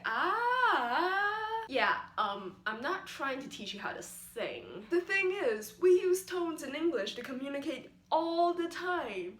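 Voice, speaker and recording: A woman's voice: sits high, fairly bright tone. A young woman vlogging casually, explaining in a playful, rambling, self-mocking way. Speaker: YouTuber. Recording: echoey room.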